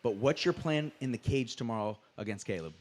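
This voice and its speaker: A man's voice: mid-range voice, expressive, fairly quick. A man who commentates fights, moderating a press conference and asking fighters questions in a chatty, enthusiastic way with lots of fillers.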